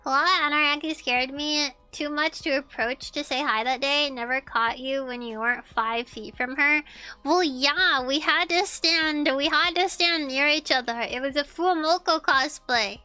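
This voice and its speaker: High bright-voiced young woman streamer. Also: a little slow, dry recording, faint music behind. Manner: animated, swearing, repeats lines, laughs often. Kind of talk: casual storytelling chat.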